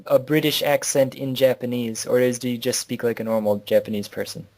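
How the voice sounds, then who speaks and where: A man's voice: mid-range voice, fairly quick, darkish tone. A man from near Buffalo chatting casually, hedging a lot with likes and I don't knows. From near Buffalo, New York. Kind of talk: casual chat.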